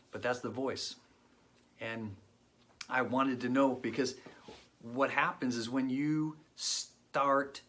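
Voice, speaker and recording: A man in his late forties telling his personal faith testimony in an earnest, reflective way, pausing often. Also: mid-range voice, fairly bright tone. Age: 40s. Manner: earnest and reflective, with pauses and fillers. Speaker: guest sharing his testimony.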